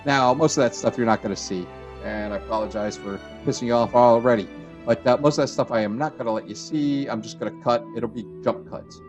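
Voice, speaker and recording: A man giving a rambling, chatty let's-play commentary on a game, trailing off and restarting, with sudden excited jumps in pitch. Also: brisk, muffled recording, over music. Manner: excited bursts of high pitch at discoveries. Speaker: gaming channel host.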